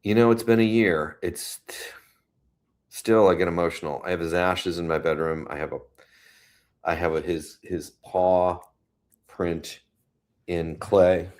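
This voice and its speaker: A man with a deep, low voice hosts a relaxed live stream from his home in New York City. He talks slowly and unhurriedly, chatting about the weather and answering viewer comments with gentle, consoling words. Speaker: host. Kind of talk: casual live-stream chat.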